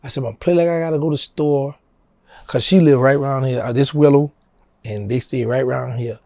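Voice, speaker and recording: Gravelly New Orleans man telling a story. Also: a little fast, no room sound. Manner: animated storyteller, acting out quoted voices in a higher pitch. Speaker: interview guest. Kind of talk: storytelling in a casual interview.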